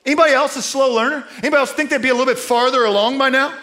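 A man's voice: extremely high pitch, fairly even intonation, racing, sharp tone. A middle-aged man preaching a sermon in a conversational way, asking his listeners rhetorical questions. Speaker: pastor.

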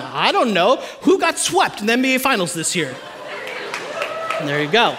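A man in his thirties preaching a sermon in a church, telling animated, humorous family stories to the congregation. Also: high voice, normal speed, long pauses, some chatter behind, slight background noise. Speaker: pastor. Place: church stage before a live audience.

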